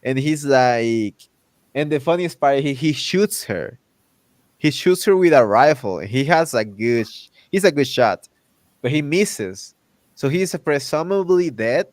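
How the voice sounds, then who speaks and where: A man hosting a casual chat, ranting in an animated way and acting out characters' lines with exaggerated voices. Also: mid-range voice, unhurried, dry recording. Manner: loose, repetitive restarts while ranting. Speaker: podcast host.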